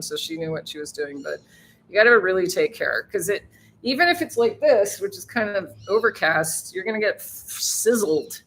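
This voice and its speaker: A woman's voice: medium pitch, lively intonation, moderate pace, fairly bright tone, a little hiss or hum. A woman hosting a casual live stream, chatting with viewers and laughing, who swears freely.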